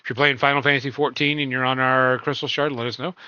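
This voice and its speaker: A man hosting a casual stream, rambling along with plenty of ums. His voice is bright and forceful, heard on dry, dull, lo-fi audio with no room sound. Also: medium pitch, little pitch movement, fast, smooth, no room sound. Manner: loose and rambling, full of ums and uhs. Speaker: podcast host.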